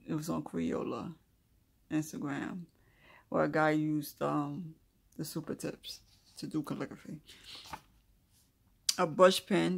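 Using a mid-range voice with vocal fry, an adult craft video host presents a casual calligraphy tutorial. Notes are read aloud first, followed by loose chatting during the demonstration and mumbled asides while drawing.

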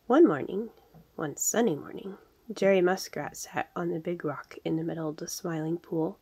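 Husky-voiced woman reading a storybook. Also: on the low side, dark tone. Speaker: reader. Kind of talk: storybook narration.

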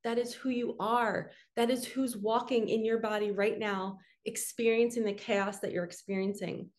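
A woman's voice: on the high side, steady tone, moderate pace, darkish tone. A woman spiritual coach giving an earnest, emotional guided healing talk straight to her viewers.

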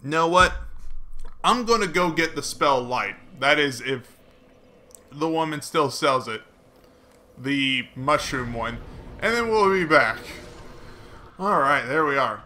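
A man giving casual, chatty commentary while playing a video game, mocking himself and breaking into excited swearing. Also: on the high side, slow pace, pauses often. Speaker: gaming let's player.

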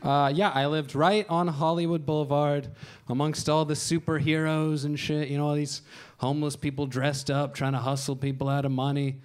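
A man in his thirties tells stand-up stories in a fairly high voice. His delivery is dry and deadpan, with crude asides, and he slips into voices for the people he quotes. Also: normal speed, clean tone. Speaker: stand-up comedian. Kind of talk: stand-up storytelling. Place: comedy show stage.

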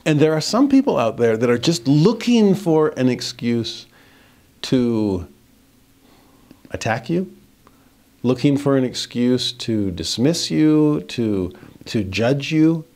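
A middle-aged man teaching a verse-by-verse scripture lesson, reading verses slowly and commenting with animated emphasis. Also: mid-range voice.

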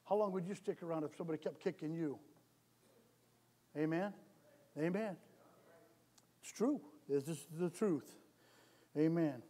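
A man with a notably high voice delivers a sermon in a church, circling back on his phrases and asking the room for amens. He starts conversational, then drives his points home louder and harder. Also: measured pace, pauses often. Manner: repetitive, calls for amens, builds to loud exhortation. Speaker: lay preacher. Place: church sanctuary.

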